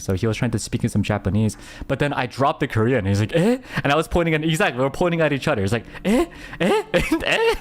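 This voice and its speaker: Young male streamer, excitable chatty storytelling. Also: lowish voice. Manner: excitable storytelling, bursting into laughter, many fillers. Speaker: VTuber streamer. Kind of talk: casual chat stream.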